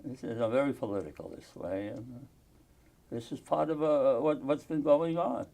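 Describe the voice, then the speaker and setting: An older man from the United States speaking in an oral history interview, earnest and halting, with pauses and restarts. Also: mid-range voice, vocal fry, dark tone.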